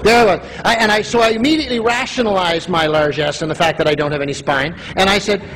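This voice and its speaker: A fast-talking, high-voiced motivational speaker, a middle-aged man from Canada, gives a humorous keynote full of stories. He narrates with energy and acts out how other people sound.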